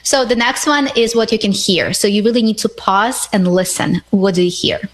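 Woman, calm instructor, steady mid-pitched voice, guides listeners through calming exercises. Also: normal speed. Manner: calm, guiding, frequent "right?" tags. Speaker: guest expert on panic attacks.

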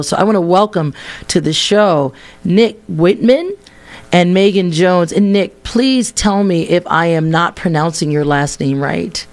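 Man guest-hosting talk radio, gravelly and a little high, halting and conversational, studio sound. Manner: conversational, slightly halting with self-corrections.

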